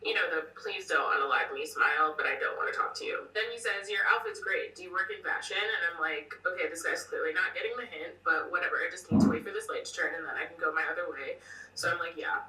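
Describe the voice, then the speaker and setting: A woman's voice: fairly low pitch, quick pace, pushed and bright. An American woman telling a story in casual chat, acting out both sides of the conversation. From United States. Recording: echoey room, distant mic.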